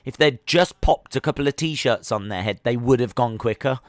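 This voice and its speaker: Male streamer, sports reactions, clear and dry. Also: medium pitch, moderate pace, no room sound. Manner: chatty, excitable, with frequent fillers. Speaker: livestream host. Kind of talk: live sports watch-along commentary.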